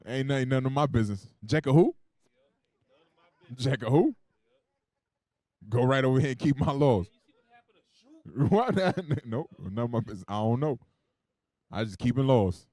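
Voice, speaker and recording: A man preaching a sermon, calling on a reader for verses and joking in between, swinging from loud emphasis to quiet asides. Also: medium pitch, expressive, moderate pace, dry recording. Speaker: preacher teaching a Bible class. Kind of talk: sermon with call-and-response scripture reading.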